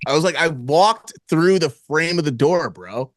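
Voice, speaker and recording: A young man with a slightly high voice, recorded close and dry, spinning a story on a podcast. He talks in an animated, profane rush. He keeps jumping into loud re-enactments of his own lines. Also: unhurried, no room sound. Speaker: podcast co-host. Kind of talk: casual storytelling chat.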